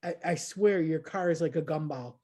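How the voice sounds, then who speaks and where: A woman in her thirties telling a story in casual chat, lively and laughing, jumping into high voices to act out quotes. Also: normal speed. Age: 30s.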